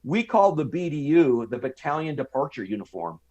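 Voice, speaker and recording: A man's voice: on the high side, fairly quick, muffled recording. A man in his fifties, a guest on a podcast, telling a long story from his army days and acting out other people's lines. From United States. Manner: animated storyteller, mimics other people's voices. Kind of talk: storytelling in a casual interview.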